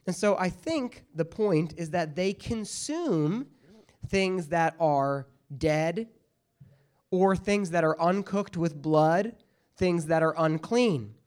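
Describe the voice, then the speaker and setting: A man's voice: a little high, animated, slow pace, darkish tone, smooth. A man teaching a casual Bible study, talking conversationally with joking asides and frequent checks like "okay?" and "all right?".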